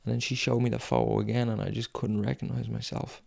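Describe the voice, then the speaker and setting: A young man telling a painful personal story in a raw, frank way, swearing often and pausing with sighs. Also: mid-range voice, level tone, gravelly, a little mellow. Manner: halting, with long pauses and sighs. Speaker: fitness vlogger.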